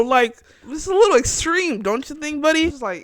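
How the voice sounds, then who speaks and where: A young woman hosting her own chat show, reacting in a casual, animated, slangy way and laughing often. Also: high-pitched, a little fast, dry recording, studio quality. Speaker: podcast host.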